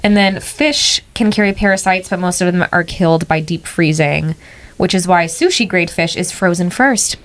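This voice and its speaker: A woman's voice: lowish voice, normal speed, a bit bright. Chatty young woman podcast co-host. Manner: chatty, rambling, filler-heavy. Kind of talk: casual chat.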